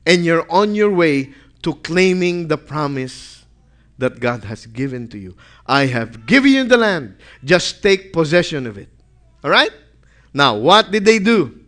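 A man's voice: on the high side, very animated, unhurried, fairly bright tone. A man preaching a sermon, reading scripture aloud and putting questions to the congregation that he answers himself. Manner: reads scripture aloud with rising emphasis.

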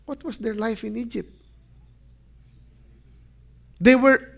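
A man's voice: extremely high pitch, fairly even intonation, slow, vocal fry, a bit bright. A man preaching a sermon, reading scripture aloud and putting questions to the congregation that he answers himself. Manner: reads scripture aloud with rising emphasis.

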